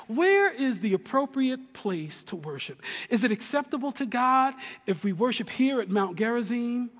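A man from New Jersey preaching a sermon as pastor, animated and swinging between loud and hushed, with humorous asides. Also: very high voice. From New Jersey, USA. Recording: long reverb of a large hall.

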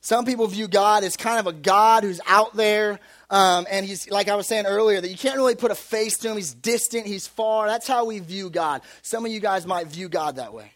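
A young male youth pastor preaching in a loose, conversational way, slipping into quick acted-out voices to make his points. His voice sits high for a man. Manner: casual and animated, acts out little voices. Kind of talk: youth sermon.

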